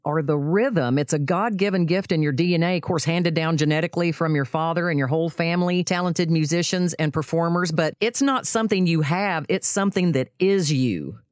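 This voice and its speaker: Brief: interview host, Texas accent, effusive and admiring, middle pitch, dry mic. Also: fairly quick, few pauses, no room sound. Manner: gushing, admiring, laughs readily. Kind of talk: casual interview.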